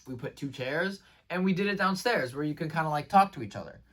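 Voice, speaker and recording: Casual vlogger, male, slightly higher voice, excitable rambler, heavy on fillers, recorded a bit off-mic. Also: fairly quick, recorded from a distance. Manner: rambling, filler-heavy, says "like" and "bro" constantly; excitable, restarts sentences often. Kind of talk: casual daily vlog recap.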